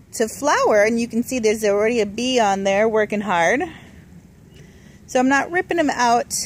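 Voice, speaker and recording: A woman with a slightly high voice walks through her garden and chats easily to the camera. She talks in a relaxed, unscripted way, pausing with "uh" and "um" as she points things out outdoors. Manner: chatty and relaxed, with frequent "uh" and "um". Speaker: home gardener, channel host. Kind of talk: casual garden tour vlog. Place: outdoors in a home garden and greenhouse.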